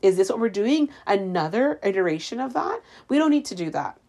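A woman's voice: medium pitch, big pitch swings, brisk, dark tone. A woman from Canada chatting casually to camera in a sarcastic, ranting way, in a room with the windows open. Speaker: vlogger. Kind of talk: casual chat.

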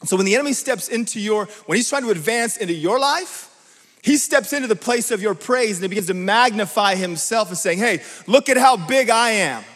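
A man preaching a sermon in an emphatic way, often checking in with his listeners with quick rhetorical questions. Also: sits high, a bit bright. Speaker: pastor. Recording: long reverb from a large hall.

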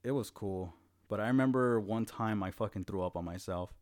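Raised in Los Angeles, a young man hosts a casual chat in a laid-back way, his lowish voice fairly quick and a little mellow. He tells profane stories and acts out the quotes.

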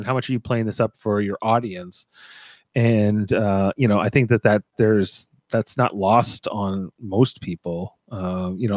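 A man's voice: medium pitch, no room sound. A man in casual podcast chat, rambling through his opinions with many fillers. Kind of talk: casual reality TV recap chat.

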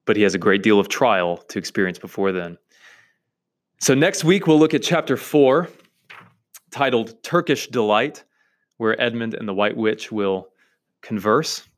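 A man's voice: on the low side, animated, unhurried, pauses often. A man hosting a literature podcast, emphatically lecturing on a novel chapter in repeated lists. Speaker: podcast host teaching literature. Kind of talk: reading and analysing a novel chapter.

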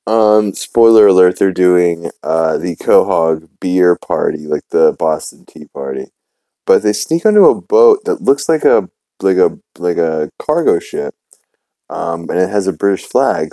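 A man's voice: low-pitched, expressive, unhurried, mellow, no echo. A male podcast host casually recapping an episode, rambling along with lots of fillers, restarts and casual swearing.

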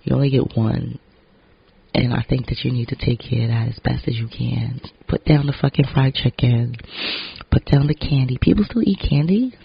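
A man with a raspy, gravelly voice, speaking to camera in a loose, candid vlog ramble. His language is blunt and sprinkled with swearing. The audio sounds a little dull and lo-fi. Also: medium pitch, normal speed, no echo. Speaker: vlogger and actor. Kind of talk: casual vlog monologue.

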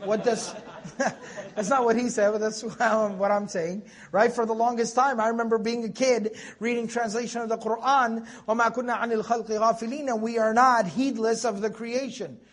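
A man's voice: very high voice, fairly even intonation, moderate pace. A young man giving a conversational Quran tafseer lecture, reciting Arabic verses and asking rhetorical questions. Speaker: Quran teacher.

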